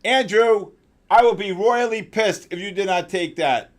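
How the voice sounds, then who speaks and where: Excitable high-voiced male trading host. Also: measured pace. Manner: excitable, exclaiming, calling out viewers by name. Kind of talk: live market commentary on a stream.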